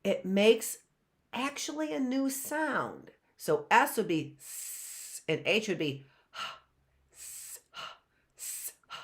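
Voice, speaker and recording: A woman's voice: medium pitch, big pitch swings, fairly bright tone. A woman teaching a live phonics lesson, sounding out letters and answering her own questions, often asking "right?". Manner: asks the class and answers herself, sounding out letters; drawn-out, repeated sounds and frequent "right?".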